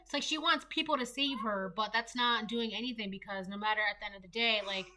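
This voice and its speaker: A woman's voice: mid-range voice, fast talker, pushed and bright. A young woman giving a casual solo tarot reading, rambling and chatty with lots of fillers. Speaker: tarot reader.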